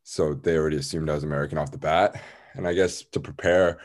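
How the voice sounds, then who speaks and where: A man's voice: very deep voice, steady tone, quick pace. A man in a casual group chat, joking and teasing his friends.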